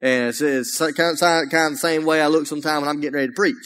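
A man's voice: a little high, fast talker, faint music behind. Folksy Alabama man preaching in a church. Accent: Alabama Southern US. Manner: humorous, folksy, energetic, often raises his voice. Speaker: guest preacher. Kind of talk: folksy sermon. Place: church sanctuary. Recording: long church reverb.

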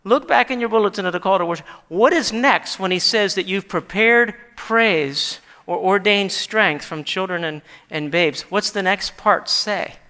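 A man preaching a sermon in a church, animated and rising to shouts when he quotes scripture. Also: sits high, moderate pace, few pauses, long reverb tail. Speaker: pastor.

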